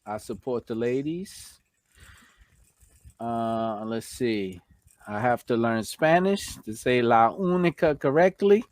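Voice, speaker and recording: A man's voice: mid-range voice, slow pace, dry recording. A man with a New York accent hosting a casual live stream, chatting and reading out viewer comments.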